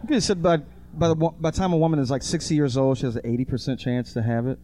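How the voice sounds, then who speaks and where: A man appearing as a comedian guest in a live comedy interview on a theatre stage, trading dry, deadpan one-liners. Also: mid-range voice, very fast, slight background noise.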